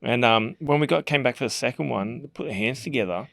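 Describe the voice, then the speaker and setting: A middle-aged man with an Australian accent, a podcast guest telling animated stories in a casual interview and acting out the sounds and voices. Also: mid-range voice, fast talker, gravelly, no room sound. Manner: animated storyteller who acts out voices and sounds, swears casually. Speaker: podcast guest, former rugby league player.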